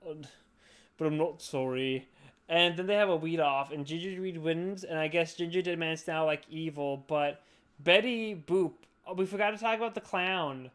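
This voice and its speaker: A man's voice: fairly high pitch, moderate pace, a bit bright, smooth. A drunk young man hosting a podcast, rambling and swearing as he chats. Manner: rambling, profane, slurry. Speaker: podcast host. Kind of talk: casual drunk chat.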